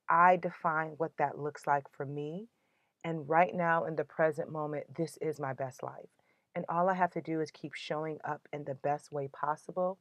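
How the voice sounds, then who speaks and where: Low-voiced woman hosting an uplifting podcast. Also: no echo, highs cut off. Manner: earnest, emotional, uplifting. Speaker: podcast host. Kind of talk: motivational podcast talk.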